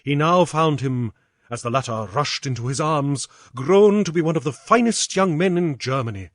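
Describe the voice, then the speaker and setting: Expressive British man reading a story. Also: on the high side, normal speed, no room sound, studio quality. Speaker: audiobook reader. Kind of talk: storybook narration.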